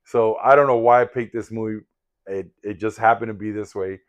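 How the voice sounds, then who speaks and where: Older man, somewhat low voice, rambling and candid, reflective personal story vlog. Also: steady tone, brisk, muffled recording. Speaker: vlogger in sobriety recovery.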